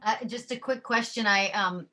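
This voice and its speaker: A woman's voice: medium pitch, normal speed, pushed and bright, slight background noise. A woman in the audience asking a question hesitantly, with many fillers.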